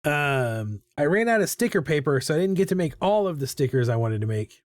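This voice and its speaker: A middle-aged man with a fairly high voice chats casually as he sketches, wandering from topic to topic and poking fun at himself. His sound is dry and close, with no room around it. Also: very animated, brisk, no room sound. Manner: rambling, self-mocking and chatty. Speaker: artist hosting a live drawing stream. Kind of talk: casual chat while drawing. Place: home art studio.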